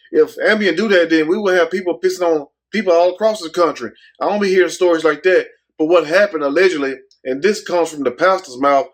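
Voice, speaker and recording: A man hosting his own channel, telling a news story to his viewers in a casual, joking, profane way. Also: a little high. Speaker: YouTube commentary host. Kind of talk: casual commentary rant.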